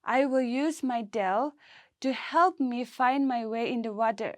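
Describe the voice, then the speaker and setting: A woman voicing a fish in a slow storybook reading. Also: fairly high pitch, no room sound, lightly acted. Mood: plain. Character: fish telling how it steers.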